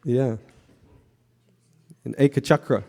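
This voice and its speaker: A man giving a conversational devotional class to a temple audience, often asking the audience questions and pausing with fillers. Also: mid-range voice, creaky. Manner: frequent fillers and restarts, relaxed.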